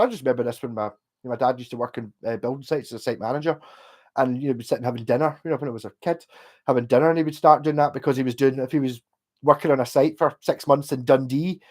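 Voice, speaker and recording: A man's voice: medium pitch, darkish tone. A middle-aged man with a Glasgow Scottish accent chatting on a livestream, meandering and sweary with lots of fillers. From Scotland. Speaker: livestream host reading chat. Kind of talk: casual rambling chat.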